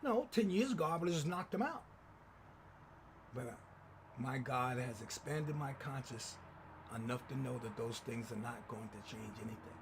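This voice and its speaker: A man hosting his own channel, telling a personal story in lively commentary and acting out the people he quotes. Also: mid-range voice, normal speed, background noise. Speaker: channel host.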